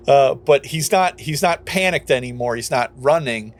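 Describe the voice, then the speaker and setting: A man's voice: fairly high pitch, normal speed, few pauses. Young man narrating as game master. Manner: casual, laughing, acts out short lines for the characters.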